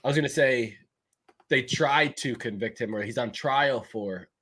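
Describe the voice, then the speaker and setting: A man's voice: mid-range voice, a bit bright, husky. A man co-hosting a casual discussion show, reasoning aloud and qualifying what he says. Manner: measured, reasoning aloud, qualifies his points. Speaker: podcast co-host. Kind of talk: casual chat.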